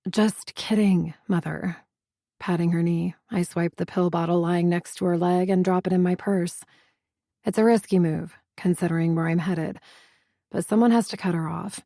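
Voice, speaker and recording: A woman's voice: on the low side, steady tone, normal speed, mellow, no room sound. A woman reading a first-person novel aloud as audiobook narrator, in a wry, dry and sardonic manner.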